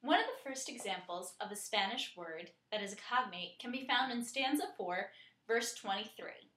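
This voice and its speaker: A woman narrating a scripted lesson in a clear, steady way, slowing down to spell out and pronounce words. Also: a little high, roomy sound. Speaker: teacher.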